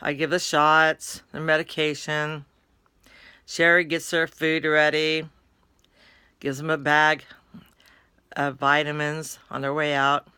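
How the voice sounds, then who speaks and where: A shy female nurse on a date, impressed and gently nervous, as a woman storyteller puts her on. Her voice is bright and clear. The recording is dry and close. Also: deep voice, flat delivery, slow, pauses often, dry recording, full character voice.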